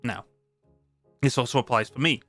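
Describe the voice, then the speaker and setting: A man's voice: medium pitch, normal speed, bright, forceful tone, faint music behind. A British man streaming live, reading a tabletop game rulebook aloud and chatting about it between passages. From Britain. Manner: reads aloud then chats, with restarts.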